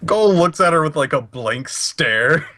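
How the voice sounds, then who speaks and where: A man playing in a tabletop role-playing game, describing his character's actions haltingly with fillers. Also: on the high side, expressive, bright, forceful tone, dry recording. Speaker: player.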